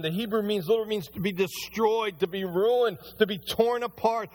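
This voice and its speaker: A man preaching a sermon as pastor, animated, rising loud on emphasis and slowing down when reading scripture aloud. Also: sits high.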